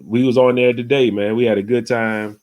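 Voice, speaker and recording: Man, podcast host, relaxed casual chat, medium voice, video call audio. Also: medium pitch, fairly quick. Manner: laid-back, says "you know what I'm saying" often.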